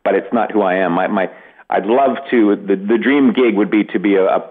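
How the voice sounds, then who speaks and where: A middle-aged Canadian comedian with a Canadian accent, giving a dry, self-deprecating radio interview with many restarts. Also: male voice, fairly low pitch, a little fast, narrow, tinny audio. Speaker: comedian guest.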